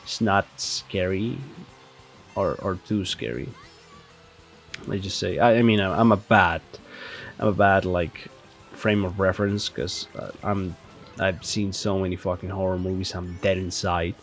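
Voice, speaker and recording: A man's voice: low voice, steady tone, unhurried, soft background music. A man who says he is sick, rambling and swearing his way through casual commentary over gameplay, with many self-deprecating asides and restarts. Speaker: channel host reviewing a movie while playing a kart game.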